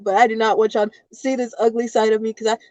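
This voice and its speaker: A woman's voice: fairly high pitch, little pitch movement, fast talker, darkish tone, no echo. A woman guest crying and short of breath in a car, apologizing and laughing through her tears on a phone call. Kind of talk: emotional live-stream conversation. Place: inside a parked car.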